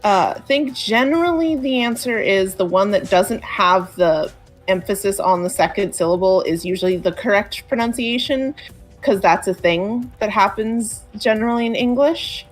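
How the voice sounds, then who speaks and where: A woman's voice: medium pitch, soft background music. Rambling woman co-streaming a game. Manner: rambling, fast, many fillers. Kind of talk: casual gameplay chat.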